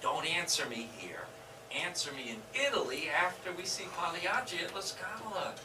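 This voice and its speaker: A man's voice: on the high side, sing-song, moderate pace, noisy background. An actor playing a nervous older widower who stammers and hesitates as he speaks. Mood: tender. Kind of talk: stage play acting. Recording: roomy stage sound from far off.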